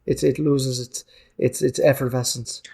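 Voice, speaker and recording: A man's voice: mid-range voice, little pitch movement, normal speed, creaky, a little mellow, slightly rough. A man playing a tabletop game in a playful, casual way, piling on little details as he describes his actions. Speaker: player.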